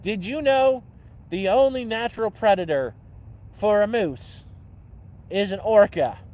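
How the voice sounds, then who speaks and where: A man hosting a livestream in casual, rambling chat, jumping between loud bursts and low mutters. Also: a little slow. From Canada. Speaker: livestream host. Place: outdoors by a campfire.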